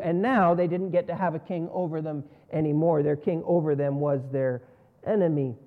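A man preaching a sermon in an earnest style, rising on key words and falling low at the ends of phrases. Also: fairly even intonation, normal speed. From North America. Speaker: pastor. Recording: dull lo-fi sound.

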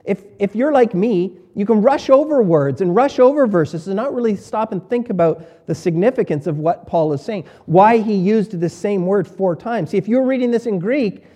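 A man preaching a sermon as pastor, emphatic, repeating key words and swinging between quiet and loud. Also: sits high, animated, normal speed, hardly any pauses.

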